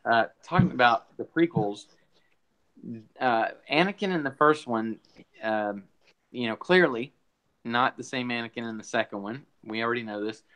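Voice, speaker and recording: A man's voice: medium pitch, fairly bright tone, low-quality recording. A man co-hosting a podcast, rambling casually with lots of fillers and restarts, a little out of breath. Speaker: podcast co-host. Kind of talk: casual chat.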